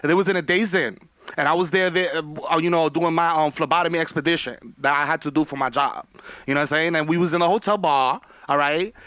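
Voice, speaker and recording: A man's voice: a little high, fast, fairly bright tone, clear, resonant tone, dry recording, close to an everyday voice. A man playing a brash, gossipy young woman, bragging on a livestream from home. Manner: boastful, messy, slangy.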